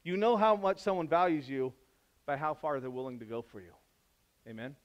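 A man preaching a sermon in a conversational way, climbing to loud, emphatic peaks and dropping to soft, low passages. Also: expressive, fairly quick, muffled recording. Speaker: pastor.

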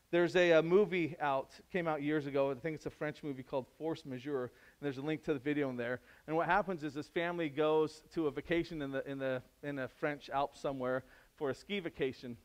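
A man preaching a sermon in a conversational way, climbing to loud, emphatic peaks and dropping to soft, low passages. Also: a little fast. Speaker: pastor.

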